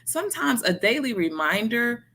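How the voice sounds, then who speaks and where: A woman's voice: a little high, big pitch swings, normal speed, pushed and bright, a little hiss or hum, low-quality recording. A woman hosting a livestream, talking earnestly and encouragingly straight to her viewers and acting out the voices in their heads. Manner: acts out quoted inner voices. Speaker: livestream host. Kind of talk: motivational livestream talk.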